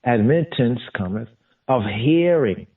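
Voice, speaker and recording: A man teaching scripture in a deliberate way, repeating and glossing each term as he goes. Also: mid-range voice, expressive, breathy edge. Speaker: Bible teacher. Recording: distant, phone-like lo-fi sound.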